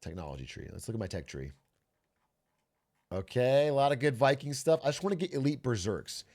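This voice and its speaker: A young man streams a strategy game in a brisk, very animated, medium-pitched voice with a darkish tone. He chats casually, jokes, swears, and talks himself through nerves, repeating himself when anxious. Faint game music plays behind him.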